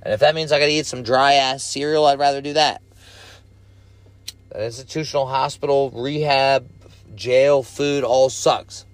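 A man's voice: mid-range voice, fairly even intonation, moderate pace, dry recording. A young man telling a casual story in a blunt, rambling way, swearing constantly.

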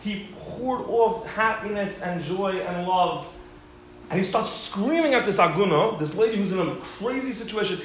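A man teaching a Torah class, telling stories in an animated way and acting out the voices he quotes. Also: high voice, normal speed. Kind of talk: Torah lecture with storytelling. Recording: very echoey room, faint background hiss.

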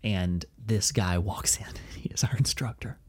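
A man co-hosting a podcast, telling a story in casual, animated chat full of swearing. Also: on the low side, unhurried, slightly rough. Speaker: podcast co-host.

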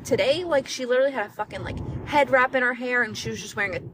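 A woman's voice: on the high side, quick pace, fairly bright tone, a little hiss or hum, poor audio. Chatty, swearing young woman podcaster. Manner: chatty, swears freely, many likes and restarts. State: has the hiccups. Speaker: podcast co-host. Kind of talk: casual chat.

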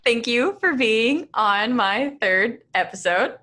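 A woman's voice: fairly high pitch, animated, takes it slowly, bright, forceful tone. A young woman with a slight New York accent hosting a casual podcast, chatty and swearing freely. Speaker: podcast host.

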